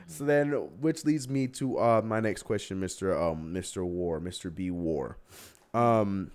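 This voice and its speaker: A young man hosting a casual live sports stream, animated and exasperated, often laughing. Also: deep voice, measured pace. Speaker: podcast host.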